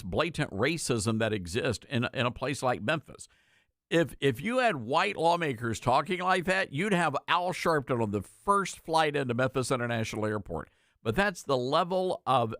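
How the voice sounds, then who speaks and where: A man's voice: mid-range voice, fairly bright tone, dry recording, studio quality. A man hosting a talk radio show, giving sarcastic, indignant commentary and taking calls. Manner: sarcastic, indignant, quick asides.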